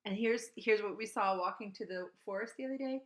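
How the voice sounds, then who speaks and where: A woman teaching at an outdoor school, reading a bird picture book aloud and chatting about the birds, breaking into high bird calls and hushed whispers. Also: brisk, noisy background. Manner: shifts to hushed whisper for quiet parts.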